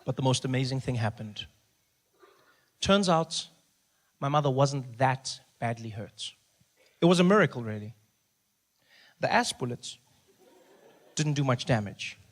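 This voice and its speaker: A male stand-up comedian, telling a story in an animated way and acting out scenes. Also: medium pitch, measured pace, long pauses. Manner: animated, acts out scenes, rising to shouts.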